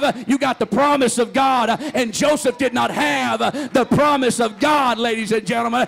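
Male preacher, very high raspy-edged voice, impassioned sermon with shouts. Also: moderate pace, hardly any pauses, faint music behind. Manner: impassioned call-and-response preaching, rising to shouts.

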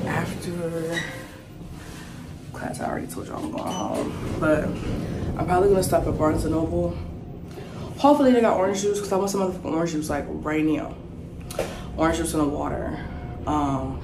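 A young woman, a college student, vlogging on her phone with a blunt, profane, exasperated rant. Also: low-pitched. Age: young adult. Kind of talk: casual vlog rant. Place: around campus, partly outdoors. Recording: noisy with passing traffic.

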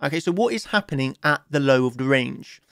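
A man's voice: mid-range voice, lively intonation, fairly quick, vocal fry, fairly bright tone, no echo, studio quality. A young man walking viewers through a crypto price chart, blunt and self-assured, often restarting his words. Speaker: crypto trading analyst. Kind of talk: live chart analysis monologue.

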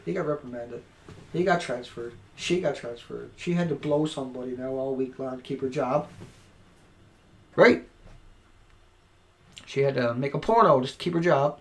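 A man recording an angry, profane rant to camera, swinging between yelling and quiet muttering. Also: high voice. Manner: profane, shouting and then dropping to quiet. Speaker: video blogger. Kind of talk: angry ranting monologue. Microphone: home recording mic.

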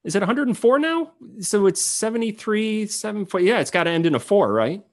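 A man's voice: sits high, lively intonation, a little fast. A man hosting a casual interview, easygoing and jokey as he steers the guests toward their stories. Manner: easygoing, jokey, with filler restarts. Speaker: host.

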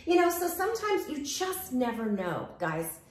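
A woman with a high voice hosts a laid-back chat while walking outside, speaking at a moderate pace. She tells stories animatedly, voicing the characters herself, and the sound is roomy.

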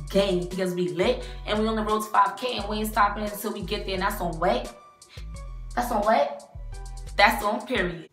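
Young New York woman reacting on camera, bright and punchy, roomy sound with music behind. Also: mid-range voice. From New York, United States. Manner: hype, slangy, talks straight to viewers. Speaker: reaction vlogger. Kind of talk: casual reaction vlog.

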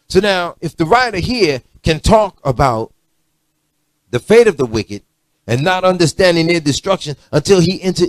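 Preacher, male, fiery and confrontational, dry close recording. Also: no room sound. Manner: animated preaching, swings from low murmurs to loud rebukes; blunt, confrontational street-style preaching. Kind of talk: sermon.

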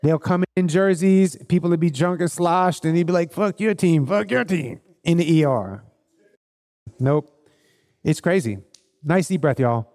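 A man leads a live group session, talking animatedly and bluntly. His voice sits a touch high, with a mellow, warm timbre. The sound carries long hall reverb from the event space. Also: measured pace, long pauses. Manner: animated, blunt storytelling with swearing.

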